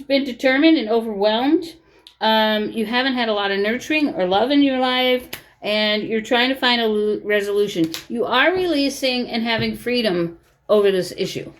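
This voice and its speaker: A woman giving a casual tarot reading to camera from her bedroom at home. She talks in a chatty, reassuring way and keeps checking in with listeners. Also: a little high. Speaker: tarot reader.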